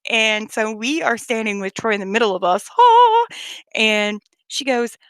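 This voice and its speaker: Rambling Southern woman, high dry voice. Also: normal speed, no echo. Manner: rambling, animated storytelling with frequent laughs and swearing. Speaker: streamer chatting with viewers. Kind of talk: casual late-night chat.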